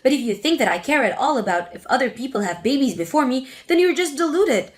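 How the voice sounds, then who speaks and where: A woman's voice: sits high, big pitch swings, quick pace, soft background music. A woman voicing an indignant adult daughter confronting her mother in a dramatic story reading. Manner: indignant, forceful.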